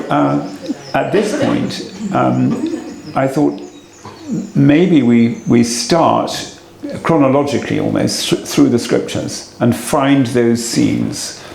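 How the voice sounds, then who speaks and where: An older man, a retired cathedral dean, giving a halting, reflective talk to an audience, with many fillers and restarts. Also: medium pitch, creaky. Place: assembly room before an audience. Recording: echoey hall, faint room noise.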